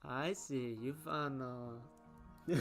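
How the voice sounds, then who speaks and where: A young man with a Floridian accent talks his way through a video game in a loose, rambling way, cutting himself off and starting over. His voice sits a little high for a man. Soft music plays faintly under him. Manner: chatty, reacting aloud to the game, trailing off and restarting. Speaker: gaming content creator. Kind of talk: casual gameplay commentary.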